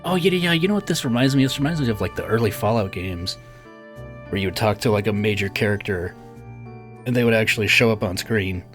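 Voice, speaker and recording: A man's voice: fairly low pitch, animated, fast, a bit bright, faint music behind. A man giving casual game commentary, chatty and thinking aloud, laughing often. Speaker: let's play host.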